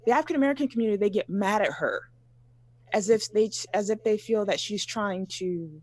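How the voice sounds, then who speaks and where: A woman tells personal stories in a measured, unhurried way during a casual panel discussion, pausing often and using fillers. Her voice is mid-pitched, and the sound is dry, with no room echo.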